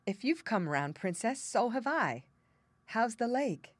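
A woman reading aloud, voicing a young prince in a storybook with a lowered, gentle tone. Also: big pitch swings, measured pace, breathy edge, no room sound, exaggerated voice. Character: young prince, joyful and tender.

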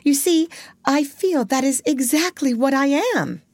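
A woman's voice: sits high, a little slow, no room sound, voice pushed up. A woman reading an audiobook, voicing an earnest little girl who speaks in a prim, motherly way. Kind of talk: audiobook character voice.

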